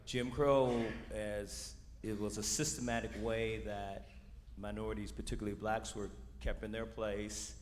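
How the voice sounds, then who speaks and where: A man telling his family's history as a church guest, relaxed and easy. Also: fairly low pitch, unhurried. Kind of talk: personal testimony. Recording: live in a reverberant hall with faint noise.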